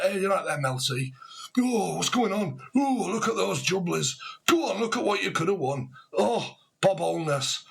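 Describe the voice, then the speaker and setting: A man's voice: medium pitch, bright, forceful tone. A man giving a rambling, casual tarot reading from a home room, jumping from one thought to the next. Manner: rambling, free-associating, chuckling. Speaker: tarot reader.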